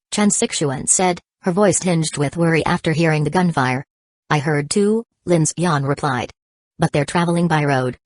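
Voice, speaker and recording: A woman narrating an audiobook in a steady, even reading voice. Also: low-pitched, no room sound. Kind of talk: scripted narration.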